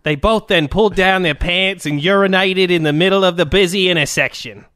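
A man's voice: high-pitched, a little fast, a bit bright, smooth, no room sound, clean studio sound, pitched above the performer's own voice. A man voicing a chatty male Australian fan, reading out the letter in a hammy put-on accent. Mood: storytelling.

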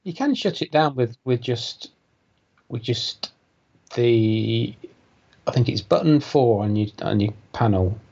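A man's voice: medium pitch, lively intonation, takes it slowly, vocal fry, dark tone, breathy edge. A man co-hosting a casual podcast in a teasing, laid-back way. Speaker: podcast co-host. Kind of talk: casual chat. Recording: dull lo-fi sound.

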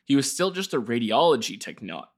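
A man's voice: medium pitch, sing-song, fairly quick. Male co-host, dry laid-back storyteller, casual chat with occasional reading. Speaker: podcast co-host telling a story.

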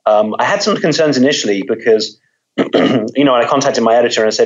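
A man's voice: mid-range voice, brisk, highs cut off. A man, a mystery author, talking in a conversational interview, thoughtful, often repeating words as he thinks.

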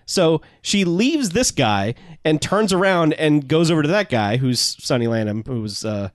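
Male co-host, wry and animated, swinging pitch, dry sound. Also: no echo. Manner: sardonic, acts out characters in quick voices. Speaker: podcast co-host. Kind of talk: casual movie recap chat.

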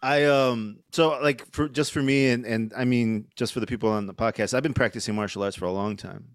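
A man's voice: mid-range voice, steady tone, fairly quick, clear, resonant tone, dry recording, clean studio sound. A middle-aged man, a podcast guest, telling a story casually with lots of fillers and swearing. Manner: rambling, profane, lots of fillers.

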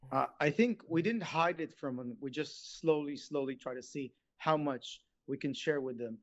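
A man, an interview guest recounting family experiences in a steady, measured way. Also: a little high. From Israel. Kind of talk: calm storytelling. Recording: muffled lo-fi audio.

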